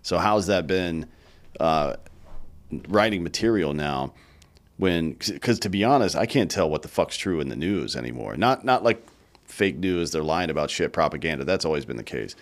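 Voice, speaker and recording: A man's voice: sits low, lively intonation, moderate pace. A man hosting a podcast, riffing at length in a rambling, profane, casual way. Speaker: podcast host.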